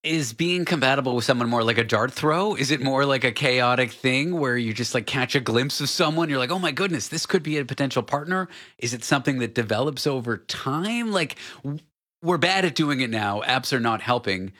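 A man's voice: mid-range voice, moderate pace, bright, forceful tone. A man hosting an interview show, joking about himself and reading an ad. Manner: self-deprecating, joking. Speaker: show host. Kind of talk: casual interview and ad read.

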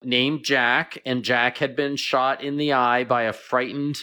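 A middle-aged man, a veterinarian guest, chatting and telling animated stories in a radio interview. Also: medium pitch, a little slow.

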